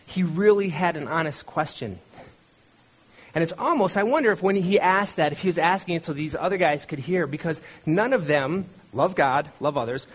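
A man's voice: on the high side, lively intonation, normal speed, breathy edge. A middle-aged man preaching a conversational sermon. He retells a story in a loose, storytelling way, with many restarts, and briefly acts out the voices he quotes. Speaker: pastor.

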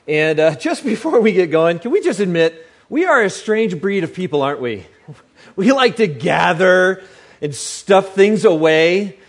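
High-voiced, joking male preacher. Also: animated, measured pace. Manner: chatty, joking, asks the crowd questions. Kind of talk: sermon to a live audience.

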